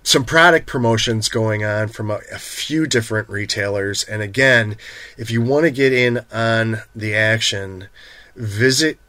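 A man with a fairly low voice co-hosts a live sports card stream. He teases his partner and pitches shop promotions, and his voice sounds close and dry. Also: unhurried, bright, forceful tone, no room sound. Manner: teasing, pitches promotions to viewers. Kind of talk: casual live-stream chat and promo reads.

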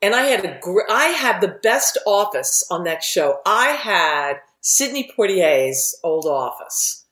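A woman who writes and produces for TV, telling lively anecdotes in a casual interview and acting out the quotes. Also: medium pitch, slow pace, hardly any pauses. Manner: animated anecdote teller who acts out quotes. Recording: echoey room.

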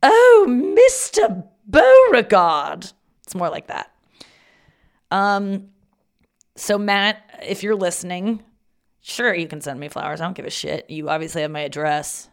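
A woman's voice: deep voice, steady tone, fairly quick, vocal fry, a bit bright. Chatty, foul-mouthed woman podcaster. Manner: chatty, rambling, profane and self-mocking. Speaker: podcast host. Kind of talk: casual monologue.

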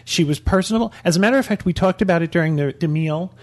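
A man's voice: high-pitched, fast. A man giving a blunt, opinionated restaurant review on a casual podcast. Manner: blunt, opinionated, lists menu items. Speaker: dining reviewer.

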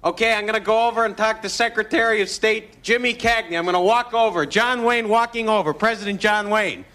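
An actor playing a brash aspiring male stand-up comic who puts on a gruff drawl and bickers. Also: sits high, fairly quick, pushed and bright. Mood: swaggering. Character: brash nebbish male comic doing a John Wayne bit.

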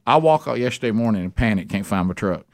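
A man's voice: lowish voice, quick pace, dry recording, clean studio sound. A middle-aged man, hosting a radio show and telling casual stories. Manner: storytelling, animated when quoting himself. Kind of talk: casual chat.

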